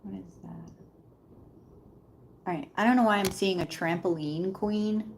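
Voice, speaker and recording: A woman's voice: mid-range voice, unhurried, background noise. A woman giving a casual live tarot reading, chatting directly to viewers and calling them Queen. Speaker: tarot reader.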